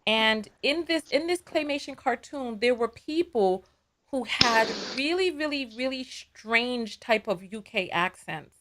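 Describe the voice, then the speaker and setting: A woman's voice: a little high, lively intonation, measured pace, background noise. A woman hosting a live call-in show, talking in a conversational, digressive way and taking calls.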